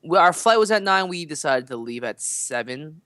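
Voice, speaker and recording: Smooth-voiced man telling a casual story. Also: a little high, lively intonation, moderate pace, bright, forceful tone, dry recording, clean studio sound. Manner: rambling, full of fillers and asides. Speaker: podcast co-host.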